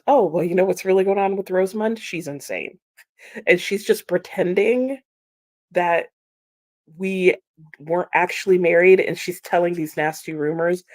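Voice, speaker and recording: A woman hosting a casual book chat, animated and emphatic, with frequent "like" and laughter. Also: deep voice. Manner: animated and emphatic, with repeated exclamations. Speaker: book livestream host.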